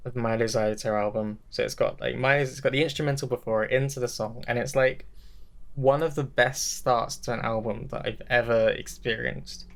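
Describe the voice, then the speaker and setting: A young man with a gravelly edge to his voice and a middle pitch chats casually on a podcast. He rambles enthusiastically and pokes fun at himself as he goes. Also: fairly even intonation, fairly quick, a bit bright. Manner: rambling, enthusiastic, self-mocking. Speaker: podcast co-host.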